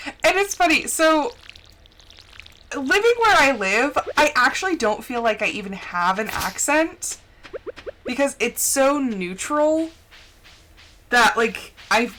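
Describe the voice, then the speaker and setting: A woman's voice: high-pitched, animated, takes it slowly, pauses often, sharp tone. A young woman with a General American accent, from the central United States, chatting casually on a gaming stream from home into a close mic, giggling often. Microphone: close desk mic.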